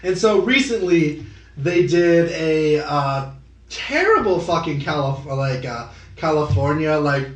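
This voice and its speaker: A young man co-hosting a podcast, rambling and swearing through casual chat and breaking into quick impressions of other people. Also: fairly high pitch, animated, recorded from a distance. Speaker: podcast co-host. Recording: echoey room, off-mic.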